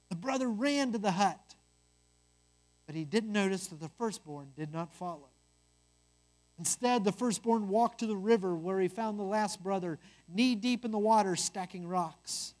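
Earnest measured parable storyteller. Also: mid-range voice, darkish tone.

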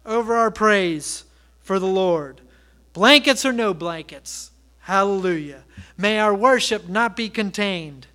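High, bright-voiced preacher. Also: male voice, animated, takes it slowly. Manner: emphatic, repetitive exhortations, storytelling. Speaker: pastor. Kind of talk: sermon.

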